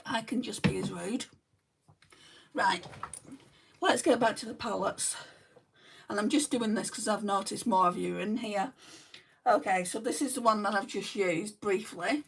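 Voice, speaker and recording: A woman with a New Zealand accent talks her way through a makeup livestream, greeting viewers by name and answering their comments in a relaxed, chatty way. Her voice sits in a middle pitch and comes across a little distant from the mic, as if she sits back from a phone or camera indoors at home. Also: measured pace, gravelly, long pauses, breathy edge. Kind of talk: casual chat reading live comments.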